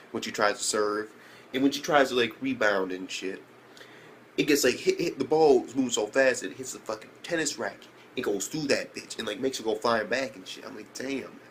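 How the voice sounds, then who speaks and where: A young man reviewing an anime episode in casual speech, slangy and profane, who keeps jumping up in pitch when he reacts. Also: fairly bright tone, a little hiss or hum.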